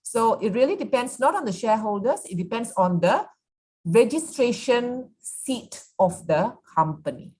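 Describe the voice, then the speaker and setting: A woman's voice: a little high, lively intonation, moderate pace, a little mellow. A woman law lecturer answering questions in an online seminar, explaining at length and asking rhetorical check questions. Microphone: video call.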